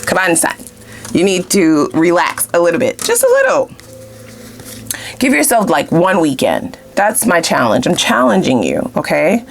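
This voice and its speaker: A woman with a fairly low voice gives a tarot reading as if chatting with a friend. She is blunt and swears freely, keeps checking in with "you know what I'm saying", and suddenly leaps up into loud, high exclamations. A faint hiss sits under her voice. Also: sing-song, normal speed, gravelly. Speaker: tarot card reader. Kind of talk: casual tarot reading chat.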